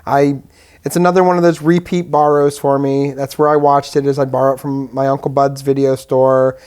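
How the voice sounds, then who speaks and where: A man with a mid-range voice chats in an easygoing, reminiscing way, leaning on fillers as he recalls old favorites. His delivery is relaxed and conversational, like a co-host talking with a friend. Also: mid-range voice, fairly quick, clear, resonant tone. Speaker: podcast co-host. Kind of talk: casual nostalgic chat.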